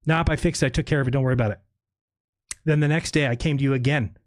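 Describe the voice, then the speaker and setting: A man's voice: mid-range voice, steady tone, racing, no room sound, studio quality. A man in a played clip, complaining in an aggrieved rant.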